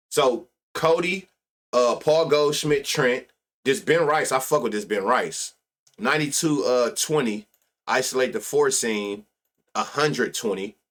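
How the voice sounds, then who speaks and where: A man hosts a live sports betting show, reading out stats and riffing loosely with lots of profanity. His voice is medium-pitched and a bit bright.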